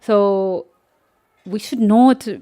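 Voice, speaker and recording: A woman with a non-native English accent chatting casually on a live coding stream from home. She talks haltingly, hunts for words and laughs lightly. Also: mid-range voice, steady tone, dark tone, slight background noise.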